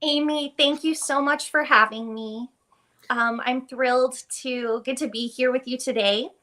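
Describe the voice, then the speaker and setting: A woman guest on a live-streamed chat, talking in a warm, gracious way with soft hesitations. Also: high-pitched, steady tone, measured pace.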